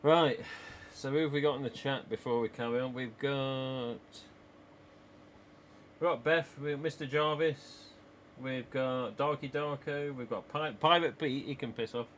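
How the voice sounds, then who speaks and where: A man's voice: medium pitch, unhurried, slight background noise. A man with an English East Midlands accent, live streaming from a small home office and chatting casually with viewers in a rambling way, laughing often.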